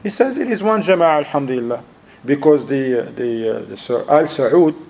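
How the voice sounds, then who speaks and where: A man giving an Islamic lecture and answering questions, animated, mixing Arabic phrases into his English. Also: mid-range voice, moderate pace, creaky, poor audio. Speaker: Islamic preacher.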